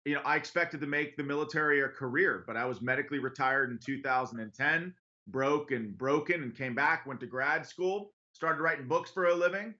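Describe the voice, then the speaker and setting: Bright-voiced man on a dull line. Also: on the high side. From western Pennsylvania. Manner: earnest, brisk, laughs easily while telling stories. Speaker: congressional candidate, guest. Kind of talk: radio interview, conversational storytelling.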